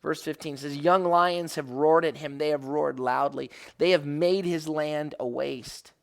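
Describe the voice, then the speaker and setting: A man's voice: fairly high pitch, steady tone, unhurried, vocal fry, clean tone. A man as a rabbi giving an earnest devotional Bible teaching, rising to emphatic questions and often correcting himself mid-phrase.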